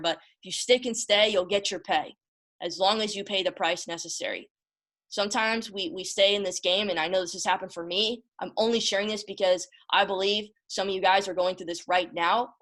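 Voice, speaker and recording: A woman hosts a casual motivational talk, emphatic and emotional, close to tears, often repeating herself and calling her listeners y'all. Her voice is fairly low in pitch with a fairly bright tone.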